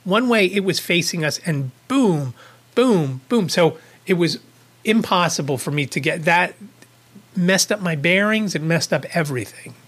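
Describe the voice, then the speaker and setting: A man's voice: sits high, moderate pace, fairly bright tone, husky. A man hosting a podcast, telling a rambling first-person story in a casual way, with a chuckle here and there. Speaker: podcast host.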